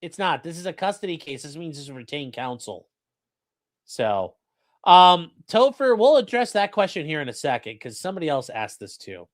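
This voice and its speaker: A man's voice: on the high side, very animated, moderate pace, no room sound, studio quality. A man, an attorney hosting a live stream, commenting on court footage in a profane, joking way and slipping into voices.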